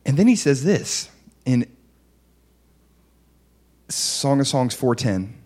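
A young adult man preaching a sermon, earnest and emotional, his voice dropping soft and low, then lifting into excited outbursts. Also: slow pace.

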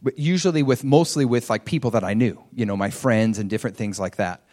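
A man's voice: mid-range voice, a little fast, darkish tone. A middle-aged man preaching a sermon, telling a personal story and acting out his own thoughts with energy.

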